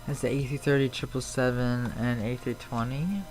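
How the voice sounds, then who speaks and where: A man's voice: medium pitch, fairly even intonation, normal speed, darkish tone, faint music behind, rough recording. A man with a Chicago accent, chatting casually on a live flight-sim stream and answering viewers in a rambling, slightly defensive way. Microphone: streaming mic.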